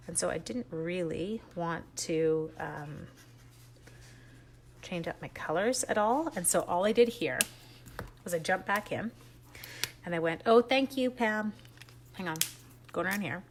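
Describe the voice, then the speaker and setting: A woman's voice: lowish voice, animated, measured pace, pauses often, a little hiss or hum. A woman from Canada chatting her way through a card-making tutorial, talking as she works and poking fun at her own mistakes. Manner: chatty, self-deprecating, talks while working with her hands. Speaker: stamping and card-making demonstrator. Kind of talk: casual crafting tutorial.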